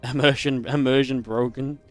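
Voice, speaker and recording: A man giving live play-by-play commentary on a strategy game match, chatty and upbeat with quick reactions. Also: medium pitch, steady tone, faint music behind. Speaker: esports caster.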